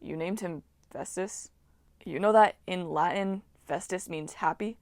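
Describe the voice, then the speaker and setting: A woman voicing a calm, steady teenage boy leader who speaks low and measured. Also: dry recording, studio quality. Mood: dryly amused.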